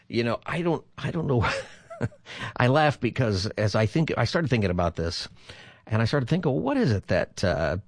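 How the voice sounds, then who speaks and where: A man's voice: fairly low pitch, no echo. A man hosting a call-in radio show as pastor, chatty and laughing easily, speaking into a studio microphone. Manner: chatty, laughs easily, repeats the phone number. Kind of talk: casual call-in radio chat.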